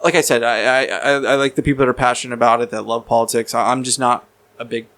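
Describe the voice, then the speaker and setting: A man's voice: mid-range voice, fairly even intonation, fast talker, fairly bright tone. A man telling a personal story in casual podcast talk, rambling and repeating words, with casual swearing. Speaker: podcast guest.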